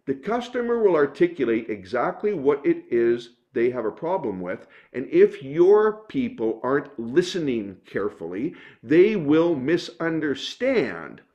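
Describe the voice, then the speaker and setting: A man's voice: on the high side, sing-song, a little slow, few pauses, warm tone. A man who works as a business consultant and trainer gives an instructional talk in an emphatic, explanatory way. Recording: dull lo-fi recording.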